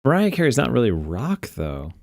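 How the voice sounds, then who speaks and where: A man's voice: medium pitch, wildly swooping pitch, normal speed, a little mellow, dry recording, studio quality. A man co-hosting a casual podcast, thinking aloud in a rambling way with many fillers. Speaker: podcast co-host. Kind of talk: casual chat.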